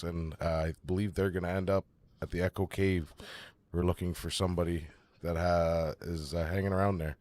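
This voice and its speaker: Low-voiced man playing a tabletop game. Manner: halting, filler-heavy in-character speech. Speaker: player.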